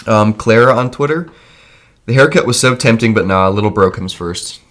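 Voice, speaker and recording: Chill low-voiced guy on a podcast reading tweets, laughs a lot. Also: lively intonation, normal speed, fairly bright tone. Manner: easygoing, laughs often. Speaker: podcast co-host. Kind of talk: casual podcast chat, reading listener tweets.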